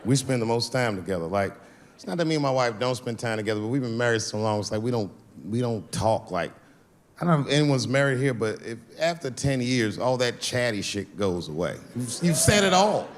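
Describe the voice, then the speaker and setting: This stand-up comedian, speaking to a live audience, has a mid-range voice and an animated, fairly quick delivery. He tells a laid-back story and voices its other characters, with a little background noise present.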